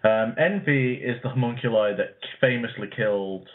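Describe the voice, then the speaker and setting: A man's voice: medium pitch, normal speed. A man co-hosting an anime podcast, chatting casually in a rambling, hesitant way with fillers and the odd swear word. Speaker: podcast co-host. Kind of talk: casual chat reviewing an anime. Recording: tinny phone-like line.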